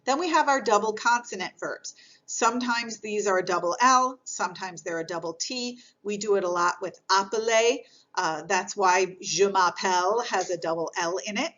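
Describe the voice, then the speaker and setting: A woman teaching a recorded grammar lesson, with a patient, explanatory manner that circles back to repeat key points. Her voice sits at a middle pitch, and the recording sounds a little dull and lo-fi. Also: moderate pace, sharp tone. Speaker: French teacher.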